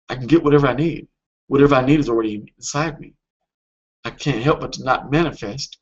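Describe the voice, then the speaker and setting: A man coaching on a webinar in a casual, earnest way, often pausing with fillers and restarting his sentences. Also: medium pitch, husky, lo-fi sound.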